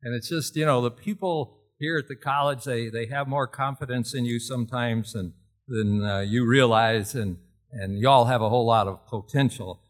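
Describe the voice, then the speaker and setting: An older man preaching in an animated storytelling way, laughing often and jumping to shouts. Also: mid-range voice, normal speed. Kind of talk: storytelling sermon.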